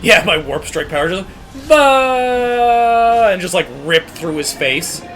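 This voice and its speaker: A man streaming a game with casual, excitable commentary, laughing often and swearing freely. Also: on the high side, normal speed, slight background noise.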